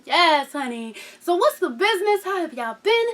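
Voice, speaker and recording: Woman vlogger in her 30s, high voice, sassy slangy recap, acts out quotes. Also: big pitch swings, normal speed, fairly bright tone. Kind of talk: casual TV recap chat.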